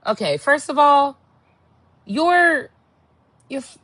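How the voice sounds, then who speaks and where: A young woman hosting a podcast, telling a candid story in a blunt, exasperated way, dropping to low murmurs and jumping to high outbursts. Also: lively intonation, takes it slowly, fairly bright tone, no room sound. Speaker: podcast host.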